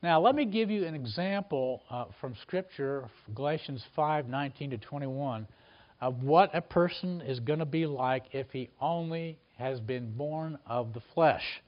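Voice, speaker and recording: A man's voice: fairly high pitch, unhurried, muffled recording. A man preaching a Bible teaching sermon, explaining verses in an earnest, conversational way with frequent fillers and restarts.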